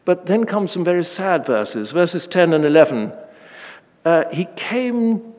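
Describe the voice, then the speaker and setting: A man in his late fifties preaching a sermon, earnest and deliberate, slowing down on key phrases and lifting his voice when reading scripture. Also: sits high, expressive, a little mellow, big-room sound. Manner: reads scripture aloud with rising emphasis.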